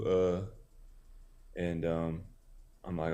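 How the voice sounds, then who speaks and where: A man's voice: deep voice, flat delivery, slow pace, pauses often, mellow. A male boxer in his thirties from Tennessee, telling a story in a casual interview, laid-back with many fillers. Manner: laid-back, many "you know" fillers, acts out quoted dialogue.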